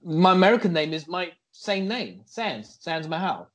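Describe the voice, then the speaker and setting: A man's voice: high-pitched, big pitch swings, normal speed. A man co-hosting a casual podcast, teasing his partner in a playful way. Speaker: podcast co-host.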